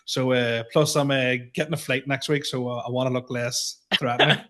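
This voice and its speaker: A man in his thirties, co-hosting a comedy podcast with a relaxed, laughing, trailing manner. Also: mid-range voice, moderate pace. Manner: laid-back, laughs often, trails off. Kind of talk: casual comedic chat.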